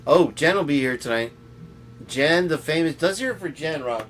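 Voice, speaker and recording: A man's voice: on the high side, animated, normal speed, a bit bright. A man hosting a casual podcast, rambling through stories and jokes and laughing often. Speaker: host.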